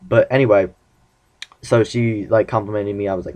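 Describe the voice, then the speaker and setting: A man's voice: fairly low pitch, steady tone, normal speed, darkish tone. A young man casually telling rambling, self-mocking stories about his dating life in a vlog. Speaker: vlogger.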